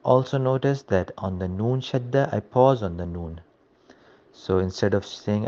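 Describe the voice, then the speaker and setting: A man teaching recitation rules in a slow, careful way, reciting examples between his explanations. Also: fairly low pitch, mellow, dull audio. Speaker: religious teacher. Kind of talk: recorded recitation lesson.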